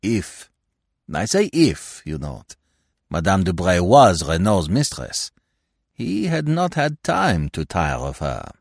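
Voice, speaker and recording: A man's voice: deep voice, sing-song, slow pace, creaky, slightly rough, no room sound, clean studio sound, exaggerated voice. A man voicing Hercule Poirot, fussy and lecturing. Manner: precise, lecturing, impatient with sentiment. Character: fussy, self-assured older male Belgian detective. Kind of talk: audiobook character reading.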